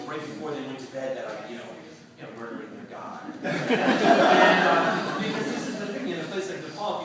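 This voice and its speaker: A young man telling a lively story to an audience at a reception, acting out the dialogue with laughs. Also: on the high side. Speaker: speaker at a reception talk. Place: event room, recorded from a distance. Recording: echoey room, far-off mic, background noise.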